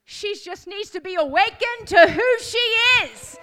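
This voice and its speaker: Woman preacher, very high bright voice, declaring and repeating calls to a congregation. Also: animated, measured pace. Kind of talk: sermon.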